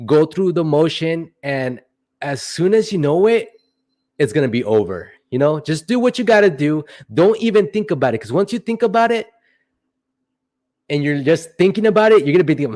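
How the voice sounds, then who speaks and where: A man's voice: fairly high pitch, big pitch swings, moderate pace, a little mellow. A young man hosting a casual livestream, answering chat questions in a rambling, playful way with joking asides.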